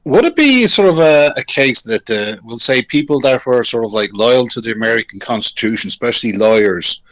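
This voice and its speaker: A man from Ireland calling in to a live show, talking casually and haltingly, repeating words as he builds his point. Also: medium pitch, expressive, fairly bright tone, poor audio. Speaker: caller. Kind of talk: phoned-in casual chat.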